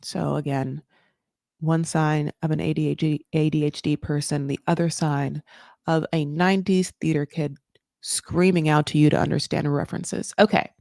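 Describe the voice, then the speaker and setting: A woman hosting a casual recap chat, rambling through tangents and correcting herself, with sudden jumps up in pitch. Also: fairly even intonation, normal speed, vocal fry, a little mellow, no room sound, studio quality. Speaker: recap show host.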